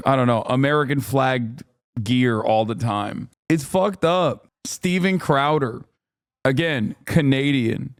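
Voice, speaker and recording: Male streamer, fairly high voice, smooth and dry, sardonic commentary with lots of laughs. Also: no echo. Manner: profane, sardonic, laughs often. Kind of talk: casual reaction commentary.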